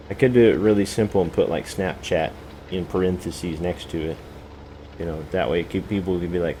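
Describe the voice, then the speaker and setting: Deep-voiced male streamer, loose and rambling, self-mocking humour. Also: a little mellow, a little hiss or hum, poor audio. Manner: joking, self-mocking, many "you know" fillers. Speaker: game streamer. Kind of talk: rambling live-stream chat. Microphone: desk microphone, no camera.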